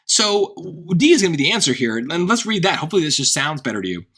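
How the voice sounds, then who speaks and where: Male tutor, casual explainer, thinks aloud, bright tone. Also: a little high, big pitch swings, fast talker. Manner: thinks aloud, restarts, often checks with "right?". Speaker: SAT tutor.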